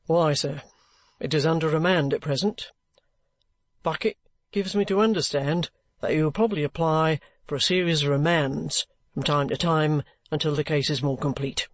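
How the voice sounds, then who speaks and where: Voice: medium pitch, normal speed, no echo, voice pushed down, natural voice. A reader voicing a bluff former soldier who is under arrest and speaks plainly, politely and stubbornly. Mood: firm.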